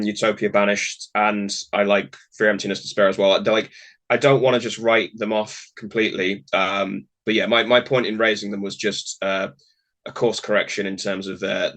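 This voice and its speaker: Low-voiced man in casual podcast chat. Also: fairly bright tone. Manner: rambling, friendly, laughs often. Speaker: podcast co-host.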